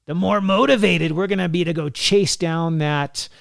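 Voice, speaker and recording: A man's voice: high-pitched, moderate pace, gravelly, fairly bright tone, no room sound, studio quality. A man in his forties hosting a health podcast, talking casually with lots of fillers and laughs. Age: 40s. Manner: chatty, laughs often, many fillers. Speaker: physician podcast host.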